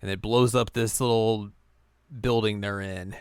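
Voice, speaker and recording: A man co-hosting a podcast, casually recapping an episode and slipping into quick character voices as he retells scenes. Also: fairly low pitch, fairly even intonation, a little mellow, smooth, no echo, clean studio sound. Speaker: podcast co-host.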